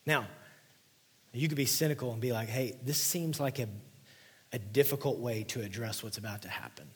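A male pastor delivers an earnest sermon in a husky, breathy voice. He reads scripture aloud and then unpacks it, and at key points his voice drops to a hushed near-whisper. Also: mid-range voice, normal speed. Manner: intense, dropping to hushed near-whispers for emphasis.

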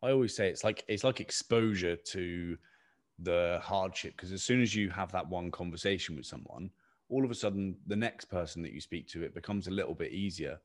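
A man's voice: low voice, brisk. A man hosting a podcast, chatting in an easygoing, encouraging way with the odd swear word. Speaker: podcast host. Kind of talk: casual podcast conversation.

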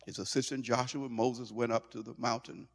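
A male pastor preaching a sermon in an animated way, stumbling over and repeating words as he goes. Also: mid-range voice, normal speed. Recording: long hall reverb.

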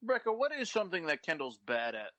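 A man on a casual podcast who throws in quick wisecracks. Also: a little high, very animated, bright, forceful tone, no echo. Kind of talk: casual chat.

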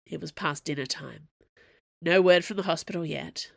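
A woman narrating an audiobook with an even, wry delivery. Her voice sits low and the recording is dry and close. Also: normal speed, creaky, dry recording.

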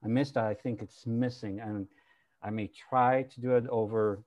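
A man's voice: lowish voice, fairly even intonation, normal speed, darkish tone. A man, a university professor, talking candidly and with energy in a casual panel discussion over a video call, swearing freely.

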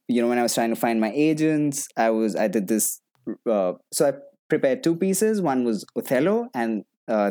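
Here the same actor guest sounds medium-pitched and warm as he chats casually. He's animated throughout, laughing often and starting sentences over.

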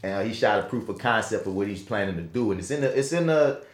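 A man with a New Orleans accent, chatting casually on a podcast and telling a lively story with slang and swearing. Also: lowish voice, fast talker, reverberant. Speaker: podcast co-host. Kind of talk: casual chat.

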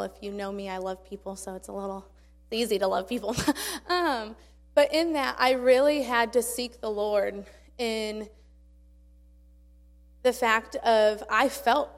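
Young woman telling her church testimony, earnest and rambly, slightly high voice, big echoey hall. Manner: earnest, chatty, full of fillers and restarts. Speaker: church speaker sharing a testimony. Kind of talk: casual spoken testimony. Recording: long hall reverb.

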